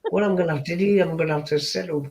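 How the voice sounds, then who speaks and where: A man's voice: a little high, very fast, vocal fry, a little mellow. A man with a strong Geordie accent, joking around as a guest in a casual livestream panel chat over a video call. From Newcastle upon Tyne, England. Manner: joking, thick accent that others struggle to follow.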